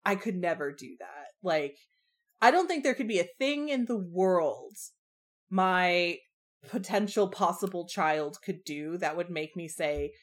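A young woman co-hosting a casual book discussion podcast, speaking reflectively and candidly with drawn-out phrasing. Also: on the low side, animated.

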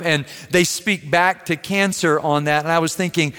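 A man from Missouri preaches in an earnest, conversational way, with a slightly raised voice that carries. He slows down and draws out key words when he wants them to land. The sound has a long reverb tail from a large church room. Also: on the high side, fairly even intonation, a bit bright, smooth. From Missouri, USA. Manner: earnest, varies pace, stretches key words for emphasis. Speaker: pastor. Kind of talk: sermon.

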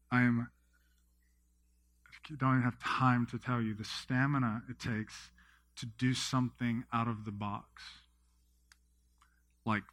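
A man in his thirties, a pastor preaching a sermon with lively storytelling, often acting out his own thoughts and others' words. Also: mid-range voice, no room sound. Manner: energetic storytelling, quotes himself and others.

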